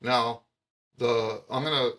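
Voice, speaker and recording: A man's voice: mid-range voice, steady tone, slow pace, a bit bright. A man teaching jazz trumpet to camera, emphatic, repeating his key points with frequent restarts. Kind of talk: explaining music to camera.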